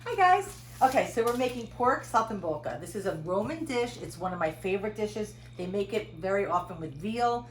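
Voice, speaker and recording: A woman's voice: medium pitch, expressive, fairly quick, few pauses. A woman chef giving a chatty, upbeat home cooking demonstration in her kitchen. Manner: chatty and upbeat, laughs at herself. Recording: loud background noise.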